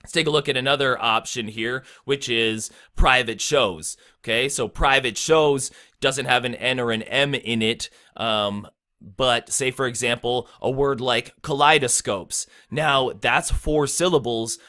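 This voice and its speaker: Guy explaining rap rhymes, bright tone, chill and chatty, spits little bars as examples. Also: medium pitch, measured pace. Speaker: rap teacher. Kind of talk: casual lesson on rap rhyming.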